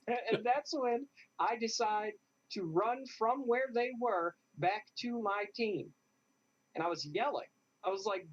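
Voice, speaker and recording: A man, a guest in an interview, telling a lively story and acting out what others said. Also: very high voice, slow pace. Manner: animated, acts out what others said. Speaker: interview guest, airsoft player. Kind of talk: casual storytelling. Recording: dull lo-fi sound.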